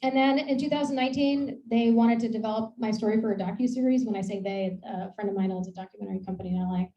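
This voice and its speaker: A woman's voice: medium pitch, fairly even intonation, quick pace, dark tone. A woman from Maine giving a casual, rambling talk about her research to an audience. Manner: chatty, rambling, laughs at herself. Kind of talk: casual presentation with slides. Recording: echoey room, dull lo-fi sound.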